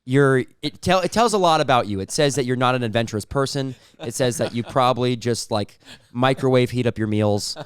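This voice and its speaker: A man in the middle of a playful mock debate on a podcast, his voice smooth and resonant. He argues in a mock-serious way, trips over repeated words and laughs at his own lines. The sound is dry and close. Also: mid-range voice, a little fast, hardly any pauses, no echo. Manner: mock-serious arguing, stumbling repetitions, laughing at own jokes. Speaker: podcast co-host.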